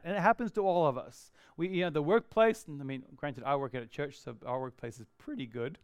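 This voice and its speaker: A man preaching a sermon in a conversational, animated way, acting out little asides. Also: a little high, a little fast, hardly any pauses, smooth, no room sound, studio quality. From Australia. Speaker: pastor.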